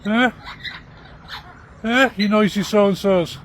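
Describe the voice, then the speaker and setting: A man's voice: high voice, takes it slowly, a bit bright, slight background noise. A man chatting to birds in an outdoor bird park, coaxing them in a sing-song voice. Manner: coaxing, sing-song baby talk to animals. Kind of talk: casual chat to birds. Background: faint birdsong and outdoor ambience.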